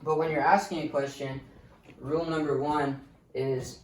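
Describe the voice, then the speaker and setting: A man's voice: fairly high pitch, fairly even intonation, moderate pace, far from the mic. A man teaching sales in a loose, blunt way, swearing often as he talks. He sounds a little away from the mic in a roomy, echoing space. A faint hiss sits underneath. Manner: casual, blunt, swears freely. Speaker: sales coach. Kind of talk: motivational sales lesson.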